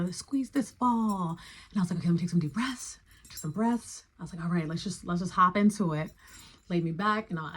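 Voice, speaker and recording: A young adult woman telling a story in a casual, chatty way, acting out her own reactions with sudden high exclamations. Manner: animated, acts out her own reactions with big jumps in pitch; chatty and loose, full of "like" and "y'all".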